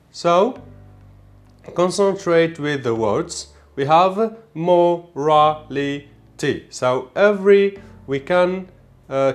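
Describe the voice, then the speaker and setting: Slow Algerian man teaching English. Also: on the high side. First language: Arabic. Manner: slow, explanatory, repeats key words. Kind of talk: exam walkthrough lesson.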